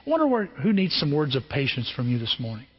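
A pastor preaching a sermon, telling everyday stories in a lively way and often restarting his phrases. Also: on the high side, fast, slightly rough, muffled recording. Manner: storytelling, animated, repeats and restarts phrases.

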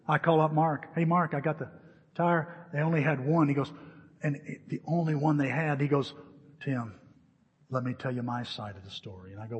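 A man preaching a sermon, telling a story with lively back-and-forth dialogue before turning to scripture. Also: fairly high pitch, slightly rough, long reverb tail, dull audio. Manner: animated storyteller acting out both sides of phone calls. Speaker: pastor.

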